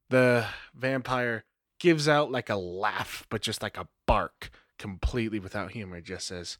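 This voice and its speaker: A man narrating as game master in a relaxed, rambling way, full of fillers and self-corrections. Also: on the low side, unhurried, no echo, studio quality. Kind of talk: casual tabletop game narration.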